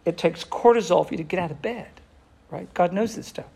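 Gravelly-voiced man preaching a sermon. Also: sits high, dark tone. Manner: impassioned, slows down for emphasis, drops to near whisper.

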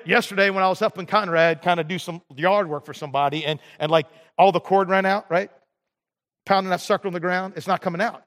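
A middle-aged male pastor preaching a sermon in a church, self-deprecating and animated as he tells stories. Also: sits high, brisk. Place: large church hall. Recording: hall reverb.

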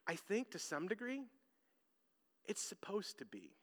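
A man in his thirties, a pastor preaching a sermon, telling stories with loud emphasis and hushed asides. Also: high voice, wildly swooping pitch, unhurried, big-room sound.

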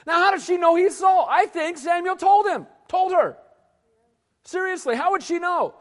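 A male pastor preaching an animated sermon in a church hall and questioning his audience. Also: extremely high pitch, moderate pace.

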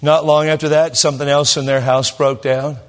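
A man's voice: a little high, level tone, moderate pace, in a large hall. A man preaching a sermon in a church, telling stories conversationally with jokes and restarts. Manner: conversational, jokey, with many restarts. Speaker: pastor. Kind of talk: sermon with storytelling. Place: church sanctuary.

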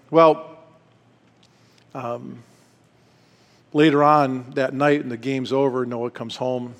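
A middle-aged man giving a casual, story-driven sermon at a retreat, folksy and self-deprecating with quick asides. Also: medium pitch, fairly even intonation. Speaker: retreat speaker. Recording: long reverb hall.

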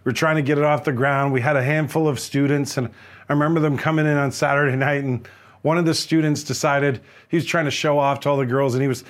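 A man's voice: a little high, steady tone, fast. Earnest male pastor preaching. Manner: earnest, many restarts and repeated words. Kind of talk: sermon with personal story.

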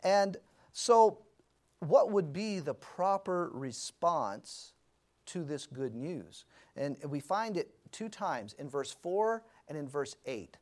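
A man's voice: on the high side, very animated, slow pace, a little mellow. A man teaching an adult Sunday school class in a conversational way, asking the group questions and correcting himself as he goes.

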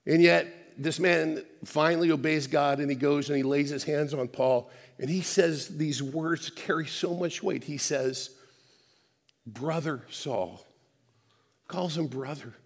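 A man preaching a conversational sermon, often restarting words and dropping soft for emphasis. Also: a little high, measured pace, gravelly, in a large hall.

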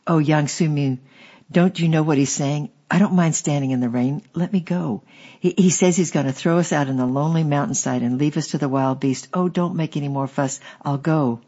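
A man's voice: fairly high pitch, a little fast, dark tone, lo-fi sound, lightly acted. A man reading an audiobook voicing an upset young Chinese woman who begs through tears. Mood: tearful pleading. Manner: pleading, tearful.

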